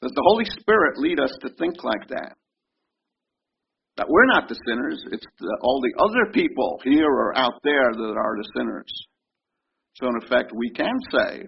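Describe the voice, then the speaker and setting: A man's voice: mid-range voice, expressive, moderate pace, vocal fry, husky, lo-fi sound. A man preaching a sermon in an emphatic way, repeating phrases for effect. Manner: emphatic, repeats and mimics congregation shouts.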